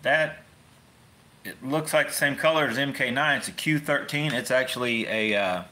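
A man's voice: mid-range voice, moderate pace, pushed and bright. A man hosting a fishing channel, chatting casually into his phone in a rambling, folksy way with wry asides. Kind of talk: casual rambling livestream chat.

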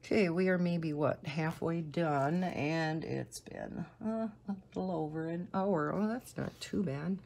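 A woman's voice: sits low, unhurried, creaky, few pauses, darkish tone. A woman hosting a coloring video, chatting casually and thinking aloud as she works. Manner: thinking aloud while working. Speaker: coloring channel host. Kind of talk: casual color-along chat.

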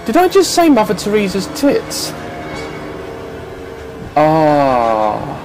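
A man's voice: high voice, huge pitch swings, slow pace, over music. A man commentating a horror game, jumpy, swearing a lot and laughing nervously. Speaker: gamer.

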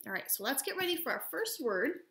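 A woman teaching first graders in a recorded video lesson, speaking gently and slowly and sounding out words for the children. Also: high voice, big pitch swings.

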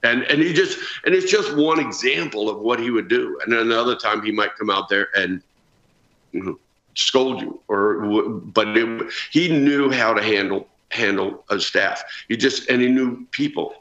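A man's voice: mid-range voice, moderate pace. A man in his sixties, a former ballplayer guest telling stories earnestly in a remote news interview. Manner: earnest, animated storytelling. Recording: roomy, dull remote feed.

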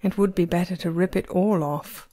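A woman's voice: fairly low pitch, steady tone, normal speed, warm tone, natural voice. A woman reading aloud and voicing an intense, possessive young male disciple who speaks in a cool, brooding way. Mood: sulky.

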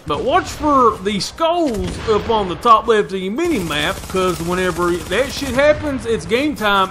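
A man's voice: sits high, noisy background. A young man, commentating a shooter game in brash, profane, folksy trash talk. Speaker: gaming YouTuber.

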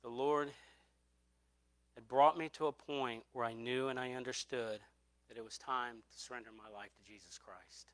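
Bright, dry-voiced preacher man. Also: mid-range voice, no echo. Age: middle-aged. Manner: earnest personal testimony with repeated emphatic phrases. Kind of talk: sermon.

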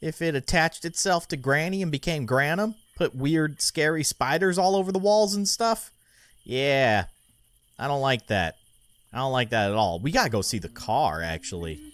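Excitable young man with lively delivery. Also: on the high side, normal speed, dry recording. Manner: rambling, excitable, easily spooked. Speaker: gaming channel host. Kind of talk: let's play commentary.

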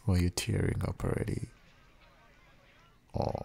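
A man in a whispered role-play as a husband, talking in a soft, comforting and reassuring way. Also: very deep voice, measured pace, gravelly, slight background noise.

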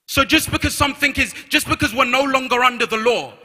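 A fast-talking London preacher delivers a sermon in a high, piercingly bright voice, emphatic and repeating key phrases as he reads scripture aloud. Long reverb rings off the walls of the large church hall.

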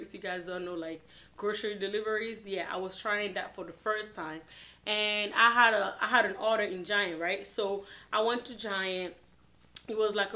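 A woman with a bright, forceful voice tells a story to her viewers in a storytime vlog. She talks casually and animatedly and keeps dropping filler words. It sounds like relaxed, everyday chat to camera. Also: medium pitch. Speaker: vlogger.

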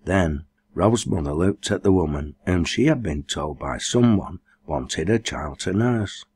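A low-voiced man with a husky edge reads a novel aloud. His pitch rises and falls freely through the narration, and he lifts his voice for the characters' dialect lines. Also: animated, a little slow, darkish tone. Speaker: audiobook reader. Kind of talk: scripted narration.

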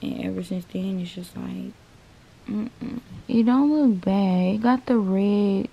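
A woman's voice: medium pitch, slow, gravelly, husky, muffled recording. A young woman chatting casually to her viewers in a vlog from her bedroom, often calling them y'all. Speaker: vlogger.

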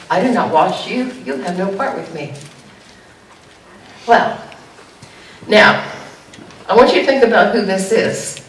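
A woman pastor giving an animated sermon, jumping to high exclamations now and then. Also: a little hiss or hum. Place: church sanctuary. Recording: echoey church room heard from a distance.

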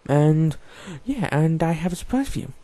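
A man with a fairly high but very dark, mellow voice talks through a stealth game in casual let's-play commentary. He jokes and chats with the characters on screen as he plays. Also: sing-song, moderate pace, no echo. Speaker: gaming YouTuber.

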